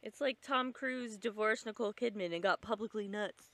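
A woman's voice: mid-range voice, moderate pace, creaky, fairly bright tone, no echo. A woman co-hosting a podcast, chatting casually while they watch a movie, sardonic and swearing freely. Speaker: podcast co-host.

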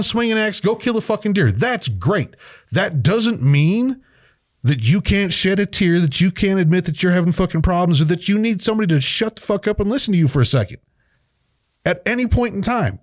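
A man's voice: sits high, big pitch swings, moderate pace. A man ranting in casual, profane chat, heated and swearing constantly as a podcast co-host.

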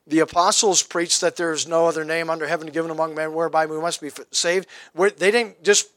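Pastor at the pulpit: man with a high, dry close voice, folksy sermon, swings from emphatic to hushed. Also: steady tone, fast, no room sound. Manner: swings between loud emphatic preaching and soft hushed asides; folksy, light humor between scripture readings. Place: church sanctuary at the pulpit.

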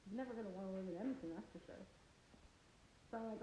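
A woman's voice: medium pitch, rapid-fire, dark tone. A woman telling a rambling story in casual chat, swearing constantly and breaking into laughter often. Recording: roomy with clear background noise.

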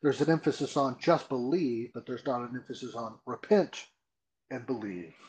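A man with a mid-range voice speaks as a pastor guest in an interview. He explains earnestly and with emphasis, often checking in with a quick "right?". His tone is conversational but teacherly. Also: mid-range voice, darkish tone, rough recording.

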